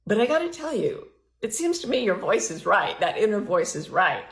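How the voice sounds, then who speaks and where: A woman's voice: medium pitch, sing-song, normal speed, roomy sound. A middle-aged woman hosting her podcast, telling a candid personal story and acting out her inner dialogue with big swings in her voice. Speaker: podcast host.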